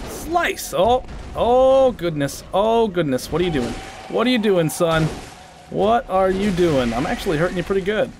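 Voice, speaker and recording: A man giving comic let's-play commentary, excitable and self-mocking, trash-talking enemies with sudden shouts. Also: sits high, moderate pace, vocal fry, soft background music. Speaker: gaming channel host.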